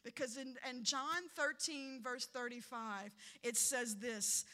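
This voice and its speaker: A woman preacher delivering a sermon with passion, repeating key lines and swinging between loud emphasis and quiet asides. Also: a little high, fairly even intonation, slow, hardly any pauses.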